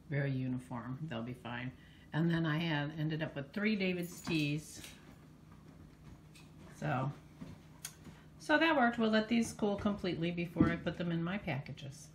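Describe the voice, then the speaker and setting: A woman's voice: fairly low pitch, a little slow, slight background noise. A woman vlogging casually at home, chatty and self-mocking, thinking aloud as she works. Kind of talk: casual vlog narration. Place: home kitchen.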